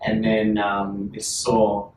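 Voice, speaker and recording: A man's voice: on the low side, monotone, takes it slowly, darkish tone, slight background noise. A man in his forties with an Australian accent, a panel guest telling rambling, self-mocking stories in casual talk. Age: 40s. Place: large hall at a public talk. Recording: echoey hall, distant, faint ambience.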